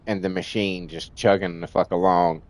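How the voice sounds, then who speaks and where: A man's voice: low-pitched, fairly even intonation, normal speed, a little mellow. A man streaming a game, venting in a rambling rant full of restarts and swearing, and in nicotine withdrawal. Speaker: livestream gamer.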